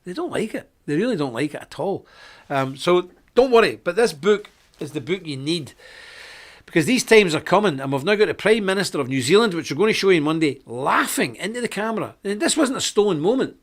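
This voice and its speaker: A middle-aged man speaks on a live-streamed show in a slightly higher-than-usual voice. He preaches forcefully and stresses his points in sudden, loud bursts. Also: very animated, a little fast. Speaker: host of a live web show.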